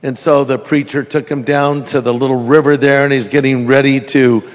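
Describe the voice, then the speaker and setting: A man preaching a sermon in church, telling stories in a jokey, animated way. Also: mid-range voice, moderate pace, in a large hall. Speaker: pastor.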